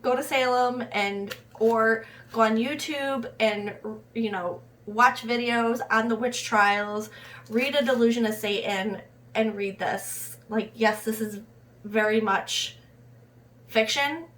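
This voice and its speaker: Speaking slowly in a fairly high, fairly bright voice, a young American book vlogger from Rochester, New York, gives an earnest, impassioned review in a casual vlog. She restarts her sentences along the way, and a little hiss or hum sits under the recording.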